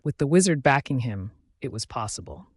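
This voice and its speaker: A man reading a first-person romance audiobook aloud, dramatic and shifting between hushed and raised delivery. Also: mid-range voice, big pitch swings, brisk, husky, dry recording, clean studio sound. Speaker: audiobook narrator.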